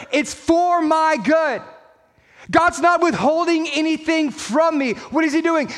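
Pastor guy with a really high voice, sermon style, gets loud and punchy. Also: big-room sound. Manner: emphatic, rising to shouts at key points.

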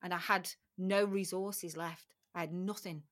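A woman's voice: on the low side, fairly even intonation, measured pace, fairly bright tone. A middle-aged woman speaking as a podcast guest, recounting personal experiences frankly and emotionally, often repeating her phrases. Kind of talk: candid personal interview.

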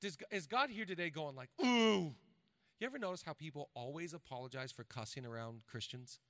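A man in his forties preaching a sermon to his congregation, swinging between loud bursts and hushed asides. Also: a little high, expressive, quick pace, no room sound. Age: 40s. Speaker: pastor.

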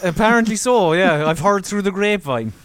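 A man's voice: high voice, expressive, fairly quick, a bit bright, clear, resonant tone. A man co-hosting a podcast, chatting casually with dry, laid-back replies. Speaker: podcast co-host. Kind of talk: casual chat.

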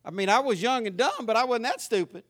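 A man in his fifties with a Southern accent, preaching a sermon and telling his own story in a folksy, animated way, swinging from loud to quiet. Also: very high voice, quick pace. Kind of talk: sermon with personal testimony.

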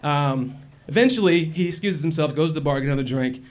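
A man telling a personal story in a wry, animated and profane way. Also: on the high side, fast talker. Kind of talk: personal story told to an audience.

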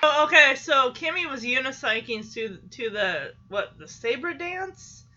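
A woman's voice: sits high, very animated, measured pace, bright, forceful tone, lo-fi sound. A woman recapping a show in casual chat, chatty and giggly, animating her retelling.

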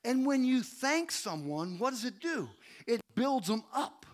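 High-voiced preaching man, call-and-response. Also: very animated, a little slow. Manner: preaching with call-and-response, swelling to shouts then dropping low. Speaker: pastor. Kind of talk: sermon. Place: church sanctuary.

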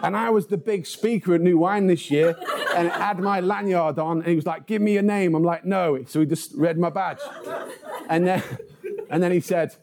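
A man's voice: sits high, steady tone, normal speed, noisy background. A man preaching a sermon, reading scripture and then telling funny stories about himself. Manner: humorous storytelling.

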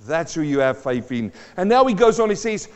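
A man preaching a sermon in a high voice. His delivery is emphatic, with repeated lines and rhetorical questions. The sound is dull and carries a long reverb from the church hall. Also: sing-song, a little fast, clean tone. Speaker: pastor.

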